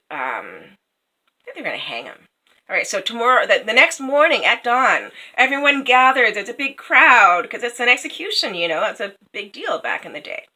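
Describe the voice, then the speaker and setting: A woman's voice: fairly high pitch, very animated, normal speed, sharp tone, poor audio. A woman casually retelling a fairy tale, chatty, with many fillers and asides. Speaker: storyteller.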